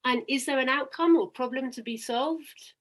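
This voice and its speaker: A woman's voice: high voice, normal speed, a bit bright. A woman presenting a teaching webinar over a video call, upbeat and guiding the talk with questions. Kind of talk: webinar presentation and demo dialogue.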